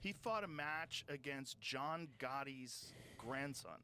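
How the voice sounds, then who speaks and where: A man's voice: medium pitch, animated, slow, sharp tone, slight background noise. A man talking animatedly and profanely as a podcast host in casual chat.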